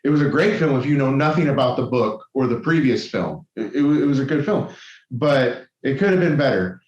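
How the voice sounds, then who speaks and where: A man's voice: medium pitch, animated, a little fast, darkish tone. Rambling man on a roomy podcast. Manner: rambling, self-correcting, many restarts. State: tired and caffeinated. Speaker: podcast co-host. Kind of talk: casual podcast chat. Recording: roomy, dull lo-fi sound.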